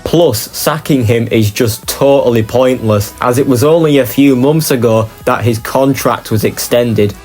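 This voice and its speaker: A man's voice: medium pitch, measured pace, hardly any pauses, a little mellow, soft background music. A man delivering a passionate, opinionated football fan monologue for his vlog.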